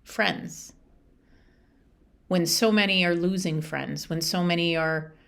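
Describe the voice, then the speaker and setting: A woman's voice: on the low side, slow, gravelly, fairly bright tone. A woman hosting her own podcast, talking through a personal story in an earnest, chatty, reflective way with frequent restarts. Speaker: podcast host. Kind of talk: casual reflective monologue.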